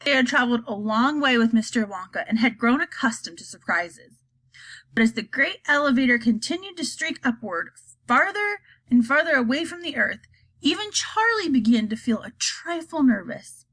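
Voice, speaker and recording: A woman narrating a children's story aloud. Her voice is bright and high, and it rises and falls freely as she tells the story in a lively, expressive way. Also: normal speed, poor audio. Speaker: audiobook reader.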